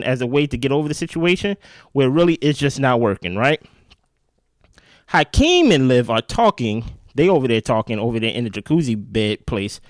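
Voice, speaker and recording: A man's voice: fairly high pitch, dry recording. A young adult man hosting a show and recapping an episode in casual, opinionated chat, talking straight to viewers and often asking "right?". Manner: chatty and opinionated, addresses viewers directly, checks in with frequent "right?". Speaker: show host.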